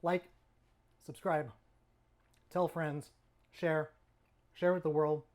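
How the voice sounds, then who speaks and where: A man's voice: fairly high pitch, flat delivery, slow pace, a little mellow. A middle-aged man from California, hosting his own cooking channel in a chatty, rambling way with self-mocking jokes, sometimes talking while he eats. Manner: talks while eating. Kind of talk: casual cooking vlog.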